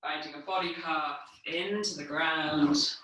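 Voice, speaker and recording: A woman teaching a movement class, calmly cueing while she exercises on the floor, a little out of breath. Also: deep voice, a little hiss or hum. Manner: calm, unhurried cueing while moving on the floor. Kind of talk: guided movement class instruction. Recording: echoey room, mic far off.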